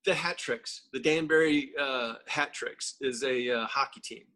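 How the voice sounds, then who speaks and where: A man's voice: medium pitch, unhurried, pushed and bright. A man co-hosting a casual podcast, telling stories in a profane, joking way. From United States. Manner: profane, jokey storyteller. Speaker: co-host.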